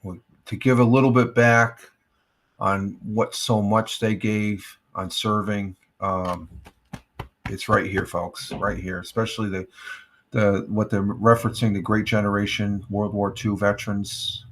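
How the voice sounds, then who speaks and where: A man's voice: fairly low pitch, level tone, a little slow, fairly bright tone. A middle-aged American man hosting a casual morning livestream, rambling with many fillers and restarts. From United States. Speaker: livestream host. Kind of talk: casual morning chat reacting to news.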